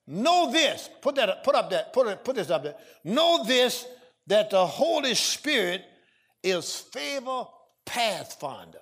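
A high-voiced man preaches in a church service, his pitch leaping up and down as he shouts and calls out to the congregation. A crowd answers audibly around him on the live recording. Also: very animated, measured pace. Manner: exuberant, shouting call-and-response preaching. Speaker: pastor. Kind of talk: sermon.

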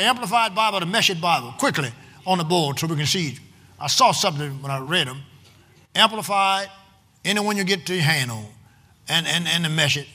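A man preaching a sermon as pastor, calling out to his congregation and stretching out emphatic, shouted lines. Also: high voice. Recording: long hall reverb, faint room noise.

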